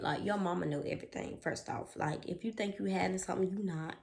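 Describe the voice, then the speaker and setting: A woman telling a childhood story on her vlog, animated and dramatic, with lots of "like". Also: on the low side, a little fast, creaky, few pauses. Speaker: storytime vlogger.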